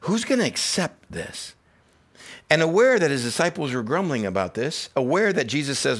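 Man preaching an animated sermon. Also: medium pitch, moderate pace. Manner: animated preaching, swings from loud emphasis to quiet reflection; acts out quoted voices in a casual conversational tone. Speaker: pastor.

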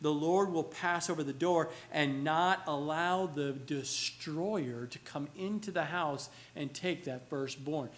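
A pastor preaches in a slightly high voice, speaking slowly with few pauses, earnest as he builds toward emphatic exhortation. Now and then he mimics children's whiny questions.

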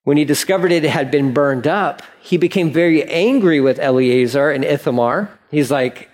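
A man teaching the Bible in a relaxed, conversational way, often saying "like" as he reads scripture aloud and retells it. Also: on the high side, moderate pace, few pauses.

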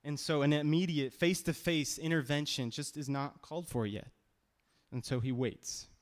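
A man's voice: fairly high pitch, steady tone, moderate pace. A man preaching a sermon as pastor, conversational and emphatic, with frequent restarts. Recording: long reverb of a hall.

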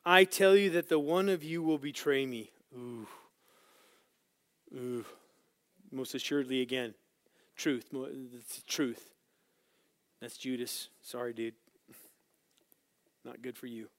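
A man teaching a Bible lesson as a sermon, swinging between loud, emphatic scripture reading and quiet, casual asides to his listeners. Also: a little high, fairly even intonation, measured pace, long pauses, no room sound, studio quality. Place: church room with small group.

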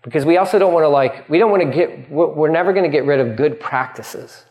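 A man preaching a sermon as pastor, animated and quick to act out voices, often restarting his sentences. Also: on the high side. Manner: animated, acting out voices in dialogue; frequent restarts and stumbles.

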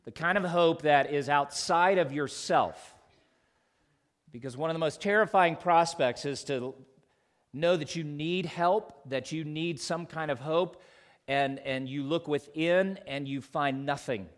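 A male pastor preaching a sermon to his congregation, earnest, with loud emphatic peaks and soft quiet drops. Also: on the high side, unhurried.

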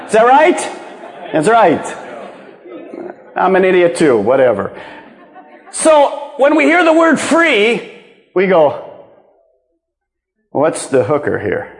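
A male pastor delivering a sermon with a high, very lively voice that leaps between loud emphasis and hushed, low phrases. He is recorded in a church auditorium, and his words ring with a long hall reverb. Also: slow pace, pauses often. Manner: animated preaching, swinging from loud emphasis to hushed low lines.

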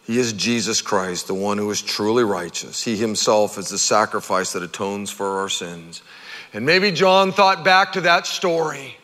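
A middle-aged man preaching a sermon as pastor, conversational and animated, acting out quotes. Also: on the low side, normal speed. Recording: long hall reverb.

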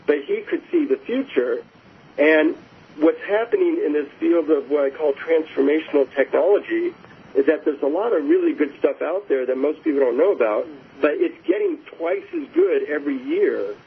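A man's voice: a little high, big pitch swings, normal speed, gravelly. A man guest talking casually and enthusiastically in an interview, telling anecdotes with frequent restarts. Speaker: guest author. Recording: phone-like line with faint hiss.

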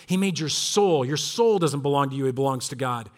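A middle-aged man preaching a sermon with animated delivery, dropping at times to hushed tones. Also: mid-range voice, fairly quick. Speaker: pastor.

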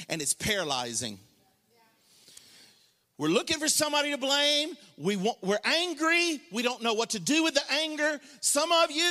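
Man preaching with a high, lively voice. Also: long reverb tail. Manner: passionate preaching, swings from quiet asides to shouted, sung-out lines; colloquial, joking asides to the congregation. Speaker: pastor. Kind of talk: sermon. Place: church sanctuary.

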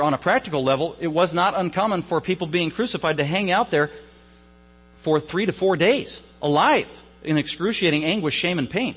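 A man's voice: a little high, fairly bright tone, slightly rough. Emphatic preacher man in an echoey hall. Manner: emphatic, repeats phrases for stress. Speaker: pastor. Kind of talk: Easter sermon.

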